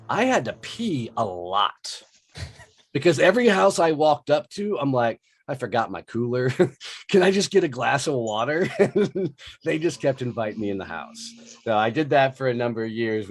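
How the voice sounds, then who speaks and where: A man, telling his life story as a podcast guest in a casual, profane, animated way, acting out the dialogue. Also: medium pitch. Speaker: podcast guest, business founder.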